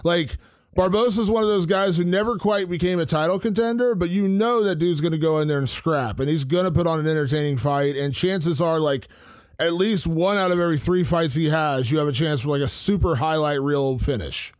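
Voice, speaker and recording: A man co-hosting a casual podcast chat, talking in an animated way and filling his speech with "like". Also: fairly high pitch, brisk, no room sound, studio quality. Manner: chatty, animated, heavy use of "like". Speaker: co-host, reporter.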